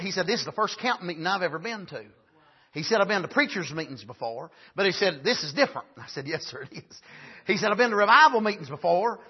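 A man preaching a sermon at a camp meeting, punctuating with frequent "amen" and building up to shouts. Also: on the high side, breathy edge, dull audio.

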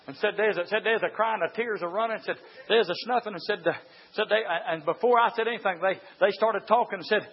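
A man preaching a fiery sermon, moving from quiet storytelling to high shouted exhortation. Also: fast talker, husky. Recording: dull lo-fi church recording.

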